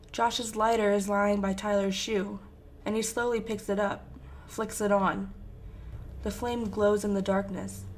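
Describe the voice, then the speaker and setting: A woman's voice: mid-range voice, a little hiss or hum. A woman reading a fan fiction story aloud with intense, emotive narration. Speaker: fanfiction reader.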